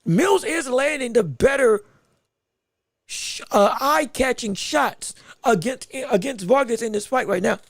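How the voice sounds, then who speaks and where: A man hosting a live podcast, giving rapid round-by-round boxing commentary with excited outbursts. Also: extremely high pitch, no echo, clean studio sound. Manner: rapid play-by-play, excited outbursts, talks to the chat. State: hiccups.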